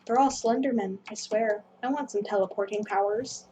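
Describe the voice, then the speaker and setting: A woman's voice: medium pitch, moderate pace, dark tone, a little hiss or hum. A woman hosting a gameplay video, rambling through casual commentary and apologizing self-deprecatingly. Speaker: gaming video host.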